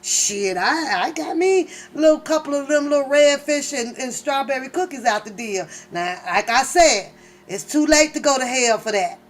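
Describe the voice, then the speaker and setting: A woman hosting her channel, telling comic stories in a casual, animated and profane way, laughing often. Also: high voice, normal speed. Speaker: channel host. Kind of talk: casual comedic storytelling.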